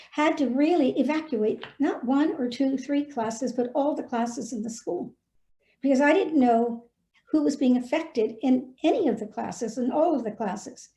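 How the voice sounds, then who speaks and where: Earnest woman speaker, warm echoey sound. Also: sits high. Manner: earnest, heartfelt, gently urging. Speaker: former head of school, guest speaker. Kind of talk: personal storytelling and advice to school leaders.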